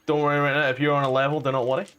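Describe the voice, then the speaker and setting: A man's voice: fairly high pitch, little pitch movement, very fast, fairly bright tone, smooth. A Scottish man narrating as dungeon master, casual and given to swearing. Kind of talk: narrating a tabletop game.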